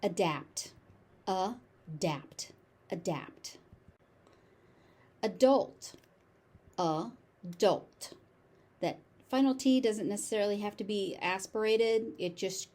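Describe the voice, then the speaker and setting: A woman with a General American accent teaching pronunciation, saying each word slowly, sometimes syllable by syllable. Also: medium pitch, warm tone. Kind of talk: slow, deliberate pronunciation lesson.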